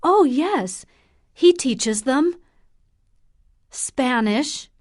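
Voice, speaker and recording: A woman's voice: high-pitched, animated, very slow, darkish tone, voice pushed up, heavily acted. A woman voicing a poor, loyal mother of five who speaks hesitantly and defensively in an audiobook.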